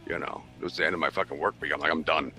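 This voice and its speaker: A man's voice: rumbling low, racing, soft background music. A man in his forties telling a long story in a casual chat, swearing constantly and acting out what people said. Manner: animated, swears constantly, acts out quoted voices.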